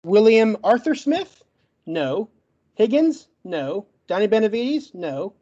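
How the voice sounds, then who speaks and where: The audio is dull, and his voice sits high, mellow and sing-song. As a podcast debate guest he lays out a closing argument point by point in rapid, combative lists, stuttering and snagging on words.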